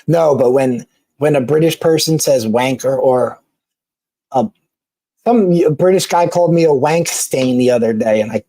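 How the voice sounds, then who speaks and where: A man talks loosely to his live-stream viewers, tripping over his words and starting sentences over. His voice sits at an ordinary middle pitch. The sound is dry and close, with no room echo. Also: dark tone. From Philadelphia. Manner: rambling, halting, with many restarts and laughs. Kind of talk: casual live-stream chat reading comments.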